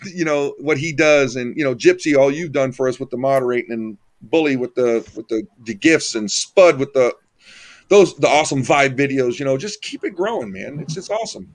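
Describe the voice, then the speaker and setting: Lively rambling male chat host. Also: medium pitch, brisk. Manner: rambling, enthusiastic, many restarts. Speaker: channel host. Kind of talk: casual group chat.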